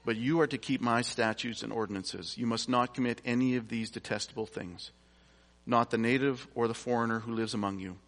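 A man's voice: mid-range voice, steady tone, fairly quick, a bit bright. A man preaching a sermon, reading scripture aloud and explaining it in a conversational way with casual asides. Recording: long reverb from a large hall.

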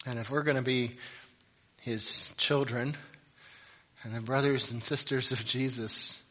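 A male pastor delivering a sermon, swinging between loud, emphatic passages and quiet, reflective ones. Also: medium pitch, steady tone, measured pace, in a large hall.

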